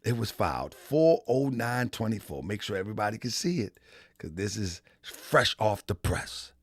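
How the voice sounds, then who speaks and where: A man's voice: fairly low pitch, sing-song, moderate pace, husky, no echo, clean studio sound. A man hosting a live stream in a casual, repetitive style, talking straight to his chat. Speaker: live-stream show host.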